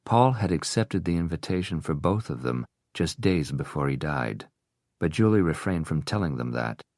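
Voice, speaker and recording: A man narrating an audiobook in a steady, even storytelling manner. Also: a bass voice, moderate pace, no echo, studio quality.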